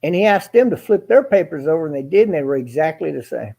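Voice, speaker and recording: A man's voice: on the high side, big pitch swings, fast talker, gravelly, mellow. A man telling a long personal story in a casual, rambling, folksy way, swearing now and then and acting out each line of dialogue. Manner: rambling, folksy, profane, acts out quoted dialogue. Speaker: guest storyteller.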